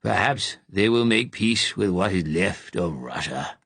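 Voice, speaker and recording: A man voicing a weary old resistance leader with a deep growling lisp, speaking slowly and gravely in an audiobook reading. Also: lively intonation, fairly bright tone, no room sound, full character voice. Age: older. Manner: slow, grave and commanding. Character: aged gruff male wartime resistance leader, weary.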